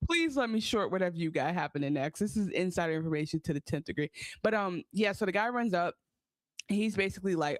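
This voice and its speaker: A woman's voice: deep voice, animated, brisk, dry recording. A woman co-hosting a podcast, chatting casually about a TV episode, rambling and acting out the characters' lines. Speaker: podcast co-host. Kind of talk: casual TV recap chat.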